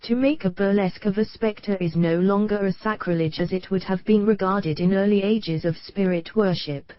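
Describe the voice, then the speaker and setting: A woman reading a nonfiction audiobook in a measured, even way, in a scripted narration style that reads page headers aloud. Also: medium pitch, no echo, lo-fi sound.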